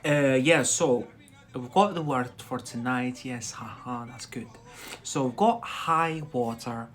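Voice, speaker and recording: A man hosts a live-streamed English lesson, speaking slowly and deliberately. His voice sits at an ordinary middle pitch, and he keeps checking in with his viewers as he explains each word. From Algeria. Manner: deliberately slow, frequent "yeah?" check-ins. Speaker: English tutor livestreamer.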